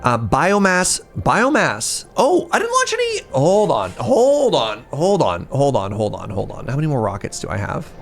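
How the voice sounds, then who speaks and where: A man's voice: mid-range voice, wildly swooping pitch, moderate pace, gravelly, few pauses, a little hiss or hum. A man streaming a game, chatting and joking playfully with his viewers while thinking aloud. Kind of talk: casual gameplay chat with viewers.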